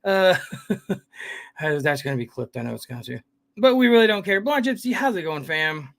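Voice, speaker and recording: Rambling, slightly high-voiced male streamer. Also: sing-song, normal speed, gravelly, a bit bright. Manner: rambling, greets viewers by name, keeps saying "guys" and "fam". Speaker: livestream host. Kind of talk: casual live chat, reading viewer comments.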